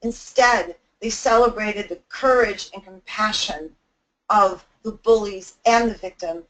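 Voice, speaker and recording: A woman's voice: mid-range voice, measured pace. A woman speaker on bullying who tells a story in an earnest, heartfelt way. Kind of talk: storytelling webinar talk. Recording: voice picked up from some distance.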